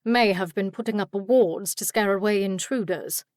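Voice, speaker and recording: A woman's voice: mid-range voice, normal speed, darkish tone, dry recording, natural voice. A woman voicing a wry male companion from another world who makes dry, matter-of-fact remarks.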